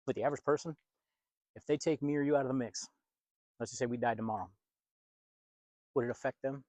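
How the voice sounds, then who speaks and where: A man's voice: mid-range voice, steady tone, fast talker, dark tone, no room sound. A man who works as a pastor and video host, from the United States, preaching in a blunt, emphatic and confrontational monologue.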